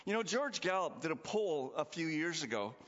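A man preaching a sermon as pastor in a chatty, animated way, laughing often. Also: on the high side, moderate pace. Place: church sanctuary. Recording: dull lo-fi sound in a reverberant hall.

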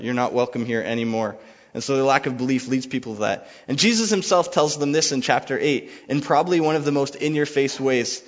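A man delivers a sermon in a relaxed, conversational manner, retelling scripture as casual everyday dialogue. His voice sits at an ordinary pitch and carries a long reverb from a large hall. The sound is dull and slightly lo-fi. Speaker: preacher.

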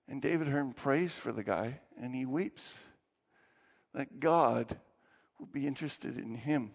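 A male pastor preaching a sermon with animated storytelling, closing in quiet prayer, in a dull recording with long hall reverb. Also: mid-range voice, unhurried, gravelly.

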